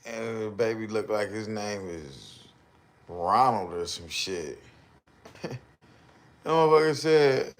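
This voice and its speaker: Animated joking streamer man. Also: a little high, slow pace, creaky. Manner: loud joking rants with mocking put-on voices and slang. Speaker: streamer reacting to videos. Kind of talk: live-stream reaction commentary.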